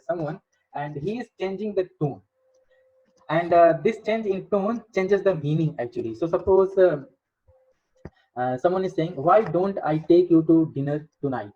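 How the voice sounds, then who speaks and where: A man giving a recorded engineering lecture, in a halting way with many fillers. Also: fairly high pitch, mellow. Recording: dull lo-fi lecture audio.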